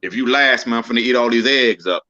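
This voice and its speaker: A man telling stories in a casual chat, loud and laughing, often mimicking other people. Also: medium pitch, quick pace, muffled recording. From Texas. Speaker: co-host.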